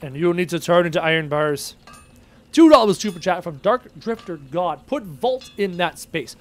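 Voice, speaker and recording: During a live game stream, a man with a high, animated voice talks at a moderate pace, chatting, muttering while he plays, and reading messages from chat aloud.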